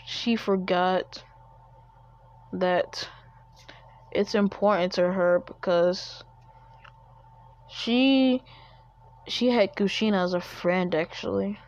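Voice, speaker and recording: A woman's voice: mid-range voice, fairly even intonation, takes it slowly, long pauses. A woman casually improvising a fan story, rambling and correcting herself as she goes. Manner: rambling, with restarts and self-corrections. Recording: dull lo-fi recording.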